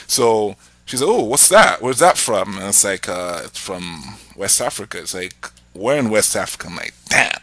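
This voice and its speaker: Bright-voiced man telling animated stories. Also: on the low side, normal speed, no echo. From Nigeria. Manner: animated storytelling, acting out quoted voices. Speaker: podcast co-host. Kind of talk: casual chat.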